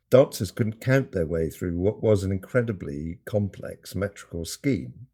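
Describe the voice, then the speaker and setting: Deep husky man telling a story. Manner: animated, acts out quoted lines with mock indignation. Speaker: podcast guest. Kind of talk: conversational storytelling.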